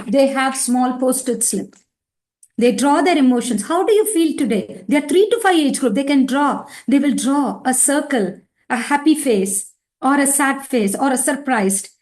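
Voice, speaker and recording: A woman giving a teacher training lecture, animated and acting out little scenes. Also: high-pitched. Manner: animated, acts out child and teacher voices.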